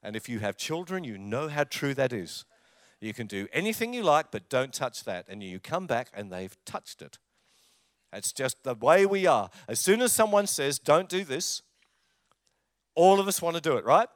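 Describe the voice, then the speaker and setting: A man's voice: fairly high pitch, big pitch swings, normal speed, no echo, studio quality. A man in his sixties, born in England and raised in Australia, preaching a sermon with humorous personal stories and banter with the congregation. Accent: English, lives in Australia. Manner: humorous storytelling, jokes with audience. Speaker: pastor.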